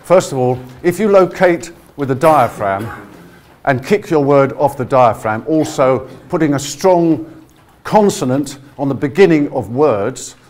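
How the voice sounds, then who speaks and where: A man leading a voice workshop, coaching a live audience through breathing exercises in an energetic, encouraging way. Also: mid-range voice, unhurried. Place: conference room with a live audience. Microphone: no handheld mic, projecting to the room.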